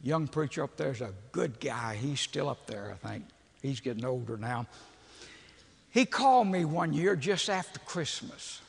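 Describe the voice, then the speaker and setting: An older man, telling a humorous story in a folksy, animated sermon. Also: mid-range voice, normal speed, creaky, husky. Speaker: preacher. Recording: long reverb of a large hall.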